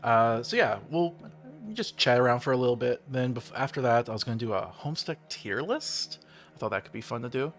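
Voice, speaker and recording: A man's voice: medium pitch, a little fast, fairly bright tone, soft background music. A young man chatting casually on his own livestream. He rambles, chuckles often, leans on fillers and makes self-deprecating asides. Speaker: streamer hosting his own channel.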